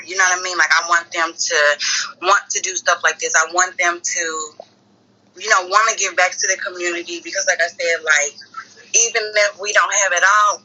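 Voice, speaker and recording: A woman's voice: lowish voice, pushed and bright. A woman organizing a charity meal project, talking casually in a live-stream interview, rambling with many fillers. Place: indoor room with door. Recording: dull phone-call audio.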